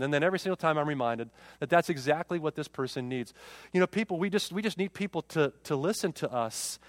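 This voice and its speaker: A man's voice: fairly high pitch, fast talker, no echo. A man in his forties, a pastor preaching a sermon, often repeating words as he goes. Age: 40s.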